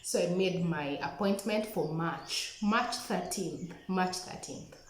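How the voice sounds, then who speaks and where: A young woman from Kenya telling the story of her scholarship application in a chatty, animated way, often calling her viewers "guys". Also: lowish voice, slow, echoey room, a little hiss or hum, poor audio. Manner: chatty, animated retelling with acted-out quotes, addresses viewers as "guys". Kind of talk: casual storytelling to camera.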